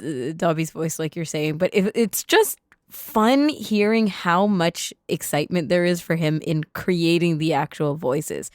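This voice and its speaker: A woman's voice: lowish voice, measured pace, no room sound, clean studio sound. A woman co-hosting a podcast, asking curious questions with enthusiasm in casual chat. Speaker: podcast co-host.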